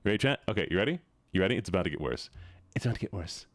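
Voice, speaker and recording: A man's voice: sits low, lively intonation, racing, no echo, clean studio sound. A man chatting casually on a live stream, rambling, swearing and joking with his viewers.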